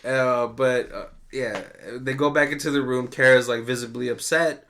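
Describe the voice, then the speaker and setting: A man co-hosting a podcast, casually recapping a movie plot with animated storytelling and frequent laughs. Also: medium pitch, normal speed, gravelly. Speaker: podcast co-host. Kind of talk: casual movie commentary chat.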